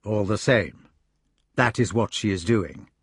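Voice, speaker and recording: A man voicing a calm, blunt knight in a level, matter-of-fact tone. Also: lowish voice, unhurried, breathy edge, no room sound, studio quality.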